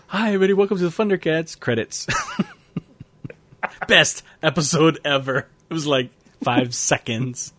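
A man's voice: on the high side, measured pace, fairly bright tone, dry recording. A man co-hosting a casual podcast, laughing often and rambling through stories. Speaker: podcast co-host.

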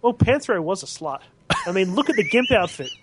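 A man co-hosting a casual podcast, cracking crude jokes with deadpan punchlines. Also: sits high, brisk, background noise. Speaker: podcast co-host.

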